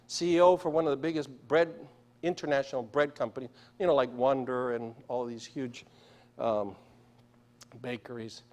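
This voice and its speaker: A man's voice: mid-range voice, fairly even intonation, normal speed, a little mellow. A man preaching a sermon in a church, telling stories and asking the congregation questions. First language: Spanish. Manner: storytelling, asks the congregation questions. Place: church sanctuary.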